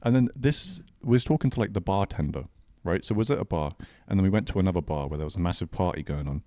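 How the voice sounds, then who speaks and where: A man's voice: low voice, expressive, mellow, no room sound, clean studio sound. A young man from England with an English accent, co-hosting a casual podcast chat in a joking, playful way. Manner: joking, playful, quick to mimic voices. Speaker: podcast co-host.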